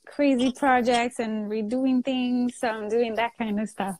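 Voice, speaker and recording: A woman from Italy with an Italian accent, chatting casually as a guest on a live video call, animated and quick to laugh. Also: fairly high pitch. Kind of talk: casual chat on a live stream.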